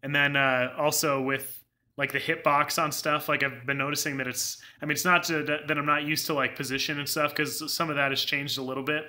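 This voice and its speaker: A man's voice: a little high, level tone, a little fast, sharp tone. A young man giving casual live gameplay commentary, rambling through filler words and laughing often. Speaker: game streamer.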